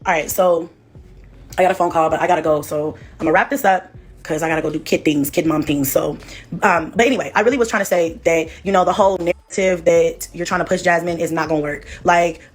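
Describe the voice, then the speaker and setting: A woman's voice: lowish voice, quick pace. A woman on a livestream, delivering a confrontational, profane rant at a former friend.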